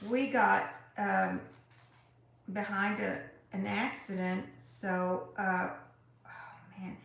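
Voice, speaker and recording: A woman hosts a live crafting tutorial, chatty and effusive as she greets her viewers by name. Her mid-range voice carries some vocal fry, and the room is very echoey.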